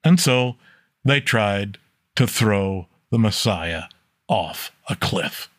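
A man teaching an informal Bible study, reading scripture aloud and explaining it plainly, often checking in with a quick "okay?". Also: fairly low pitch, lively intonation, fairly bright tone, no room sound, clean studio sound. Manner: plainspoken, repeats "okay?" to check listeners follow; reads scripture aloud with rising emphasis.

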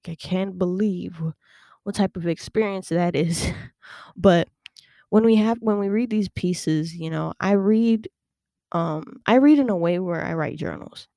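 A young woman talks casually on her podcast, chatty and animated with plenty of fillers and quick laughs. Her voice is dark and mellow with a gravelly edge, recorded close and dry. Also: on the low side, no room sound. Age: young adult. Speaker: podcast host. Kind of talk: casual personal storytelling.

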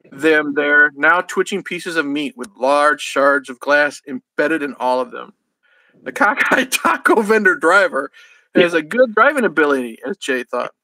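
High-voiced man reading a story aloud. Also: bright, forceful tone, dry recording, low-quality recording. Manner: laughing at his own reading, stumbling over words. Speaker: podcast host.

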